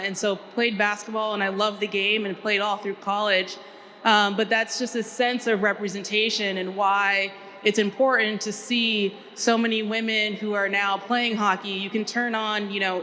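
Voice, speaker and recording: A woman from Minnesota on a panel, chatty and animated, with many fillers. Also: mid-range voice, a little hiss or hum. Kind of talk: panel discussion storytelling.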